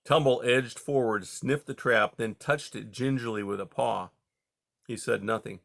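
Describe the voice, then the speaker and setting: A man narrates a children's story in a steady, measured way. His voice is bright and crisp, with some gravelly fry. The pitch sits in a middle range for a man. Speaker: audiobook reader.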